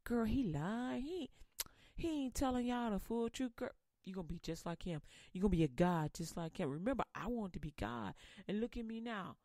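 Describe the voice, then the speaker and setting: A woman voicing a sly male devil who whispers and coaxes in a low, hushed, conspiratorial way. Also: expressive, normal speed, no echo, studio quality, close to an everyday voice. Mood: coaxing.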